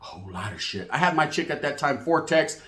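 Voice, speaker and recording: A man's voice: mid-range voice, fast. Slangy, profane man telling street stories. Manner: slang-heavy, profane, animated. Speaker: storyteller host. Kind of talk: street storytelling monologue. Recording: echoey room.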